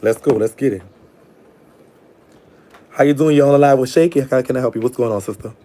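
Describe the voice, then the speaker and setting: A man's voice: mid-range voice, fairly quick, slight background noise. A man hosting a live call-in show, giving blunt, slangy advice. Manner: blunt, slangy, talks back to callers warmly. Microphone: live stream call-in setup.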